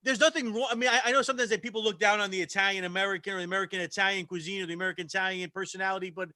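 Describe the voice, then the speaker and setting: A man, a guest chef in a casual chat, talking quickly with many stammering restarts. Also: high voice, fairly even intonation, pushed and bright, dry recording. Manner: stammering restarts, talks fast.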